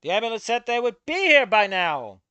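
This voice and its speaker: Snarky guy ranting over a fanfic, bright voice, dry sound, swears a bunch. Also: high voice, very animated, a little fast, smooth, no echo. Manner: sarcastic, exasperated, swears a lot. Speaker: reader commenting on a fan fiction. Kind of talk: casual read-along commentary.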